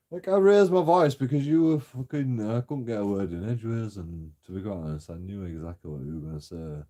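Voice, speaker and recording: A man's voice: fairly low pitch, animated, fairly quick, hardly any pauses, warm tone. A young man telling a story in a casual, sweary rant, often laughing and mocking. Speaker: vlogger. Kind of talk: casual ranting monologue.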